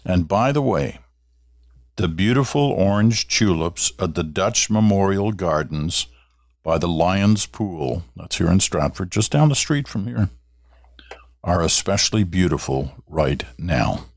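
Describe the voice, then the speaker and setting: Older man, radio host, very low pitch, dry studio sound, casual storytelling. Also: lively intonation, a little slow, no echo. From Canada. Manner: warm storytelling, reads listener letters aloud. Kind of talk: casual talk radio monologue.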